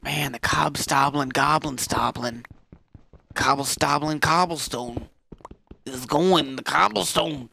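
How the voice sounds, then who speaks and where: A man's voice: fairly high pitch, slow, vocal fry, bright, forceful tone, slight background noise. A man giving rambling, goofy gameplay commentary, swearing often as he plays. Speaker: let's player.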